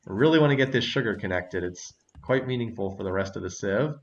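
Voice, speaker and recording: Low-voiced male gameplay host, chatty and quick to laugh, muffled lo-fi mic, mouse clicks behind. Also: lively intonation. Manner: chatty, laughs often, thinks aloud. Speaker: let's-play host. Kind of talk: casual gameplay commentary.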